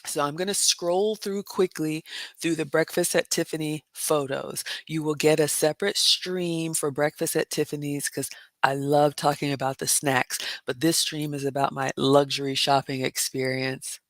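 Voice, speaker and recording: Animated woman livestreaming. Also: low-pitched, normal speed, dry recording. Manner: animated storytelling, swings from loud exclamations to hushed asides. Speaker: livestream host. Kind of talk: casual livestream chat reading comments.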